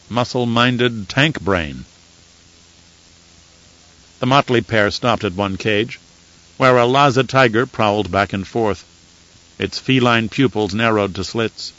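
A male audiobook narrator with a medium-pitched voice, reading in a measured, even way. The recording is dull and lo-fi, close and dry with no room sound. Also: dry recording. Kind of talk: scripted narration.

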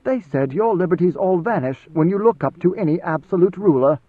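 A man voicing an angry, defiant male guard commander who mocks and challenges, in a loud raised voice. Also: on the high side, animated, normal speed, voice pushed up. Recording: tinny phone-like band, dry.

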